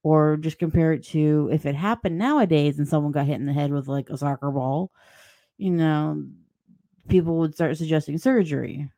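Woman podcast host: low, gravelly, dark tone, blunt sarcastic rambling monologue. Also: steady tone, moderate pace, no echo. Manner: mocking put-on voices when quoting people. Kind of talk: opinionated solo podcast monologue.

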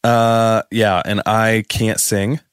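A man's voice: on the low side, flat delivery, takes it slowly, clear, resonant tone, dry recording. A man co-hosting a podcast, chatting casually about studio production and laughing as he explains. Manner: easygoing, laughs while explaining. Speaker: podcast co-host.

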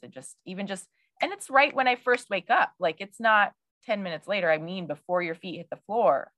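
A woman hosting a podcast interview, talking in an effusive, animated way. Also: medium pitch, a little fast, dry recording. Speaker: podcast host. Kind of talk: casual interview chat.

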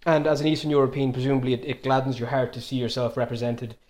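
A man's voice: mid-range voice, flat delivery, fast talker, a little mellow. Joking young Irish man hosting. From Ireland. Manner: joking, teasing, chatty. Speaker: podcast host. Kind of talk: casual podcast chat.

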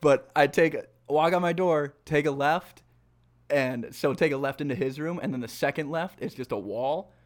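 A man's voice: fairly high pitch, normal speed. A man in his twenties, from Minnesota, co-hosting a podcast and telling crude stories with swearing and laughter. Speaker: podcast co-host. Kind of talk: casual chat.

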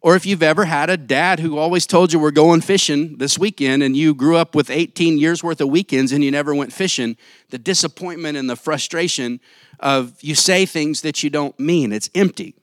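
A man preaching a sermon in church on a handheld mic, casual and jokey, acting out quick quotes. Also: on the high side, no echo. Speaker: pastor.

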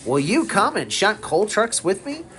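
A father voicing a cheerful, eager little train engine in a raised, bright voice while reading a storybook aloud. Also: high-pitched, big pitch swings, measured pace, voice pushed up, heavily acted.

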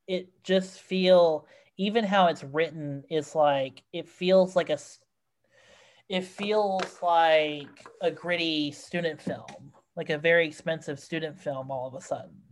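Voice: medium pitch, a little slow, a little hiss or hum. A podcast host in casual film review chat, rambling and exasperated, with many fillers.

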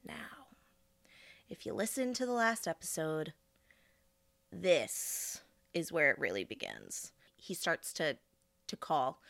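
Animated woman telling a story. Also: low voice, slow, gravelly, pauses often, no echo. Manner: animated, quoting people in put-on voices. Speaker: podcast host. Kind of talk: casual storytelling.

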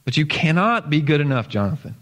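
A man voicing a kind, gentle royal prince who speaks calmly and reassuringly. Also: on the high side, fast talker. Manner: calm, reassuring. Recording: long church hall reverb.

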